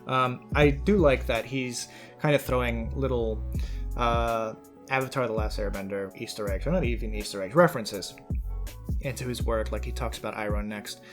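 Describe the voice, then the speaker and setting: A man's voice: mid-range voice, steady tone, normal speed, faint music behind. A man hosting a commentary video, talking casually with fillers and restarts as he reads out and reacts to a letter. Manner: conversational with frequent fillers and restarts.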